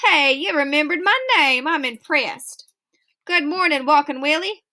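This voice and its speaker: A woman voicing a playful older man who teases a boy with slow, drawling jokes. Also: very high voice, pushed and bright, exaggerated voice. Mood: teasing. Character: teasing older man, grandfatherly joker.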